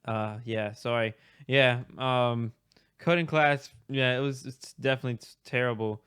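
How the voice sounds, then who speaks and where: A man's voice: mid-range voice, steady tone, moderate pace, a bit bright, clean tone, no echo, clean studio sound. A young man streaming, improvising a comic story in a rambling, hesitant way with many restarts.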